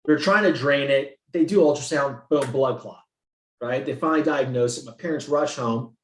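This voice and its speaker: A man from the San Francisco Bay Area, a guest in an interview, telling his story in an animated, profane way and acting out what people said. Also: mid-range voice, moderate pace. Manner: animated, profane, acts out quotes. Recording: roomy echo.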